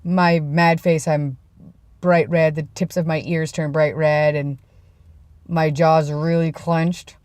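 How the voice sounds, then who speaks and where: A woman's voice: low-pitched, little pitch movement, slow, no echo. A young adult woman telling rambling, self-deprecating stories in a casual vlog. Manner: rambling, self-deprecating, drops to a hush for quoted lines. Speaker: vlogger.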